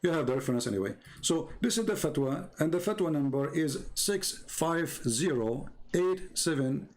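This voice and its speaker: A man's voice: fairly high pitch, lively intonation, normal speed, darkish tone. A man hosting a livestreamed religious debate over a call, argumentative and repetitive, with many fillers. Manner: argumentative, repeats himself, frequent uh fillers. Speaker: debate show host.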